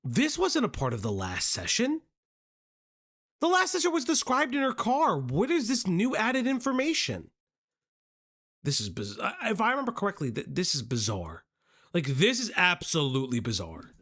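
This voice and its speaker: Animated, cursing reaction streamer. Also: mid-range voice, normal speed. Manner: animated, profane outbursts with laughter. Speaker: commentary streamer. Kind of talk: reaction commentary.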